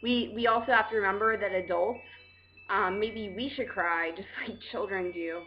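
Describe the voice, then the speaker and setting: A woman's voice: medium pitch, moderate pace, muffled recording, a little hiss or hum. A woman hosting a casual live video chat, talking frankly and rambling straight to her viewers. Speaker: host.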